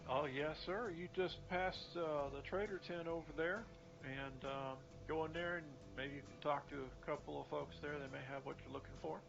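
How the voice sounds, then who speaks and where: A man's voice: a little high, moderate pace, creaky. A man voicing a laid-back male townsman in a post-apocalyptic tabletop game, talking casually with filler words. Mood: helpful. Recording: dull lo-fi sound with music behind.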